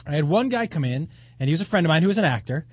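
A man's voice: on the high side, expressive, very fast, breathy edge, dry recording. A man co-hosting a casual chat, teasing and joking in banter with his partner. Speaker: co-host.

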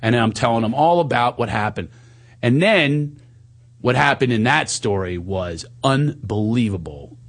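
Unhurried yet animated, a man candidly relates a personal story in conversation. He quotes himself in higher voices at times and sinks low and soft at the tender moments.

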